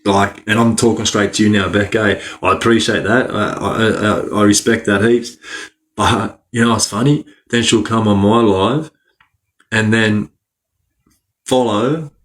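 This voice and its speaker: Laughing Australian man, low voice, slangy. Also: steady tone, a little slow, a bit bright. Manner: laughs often, heavy slang. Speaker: livestreamer. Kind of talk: casual live-stream chat.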